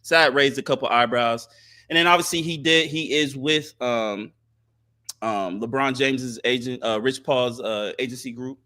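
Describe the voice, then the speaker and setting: A man co-hosting a podcast, giving thoughtful casual sports talk with many filler pauses. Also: medium pitch, sharp tone. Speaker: podcast co-host.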